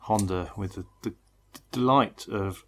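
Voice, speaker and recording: A man's voice: fairly low pitch, unhurried, fairly bright tone. A tired man co-hosting a casual chat show, rambling and wry, and often laughing. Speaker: podcast co-host. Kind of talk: casual chat about motor racing.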